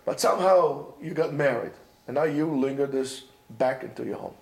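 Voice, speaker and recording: A man teaching yeshiva students in an informal lecture, animated and chatty, peppering his talk with Hebrew and Yiddish terms and constant "you know" and "right?". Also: mid-range voice, normal speed, vocal fry. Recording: echoey room.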